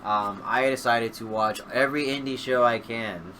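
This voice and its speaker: A man's voice: mid-range voice, moderate pace, sharp tone, slight background noise. A man co-hosting a podcast, chatting in an easygoing, agreeable way. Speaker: podcast co-host. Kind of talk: casual wrestling chat.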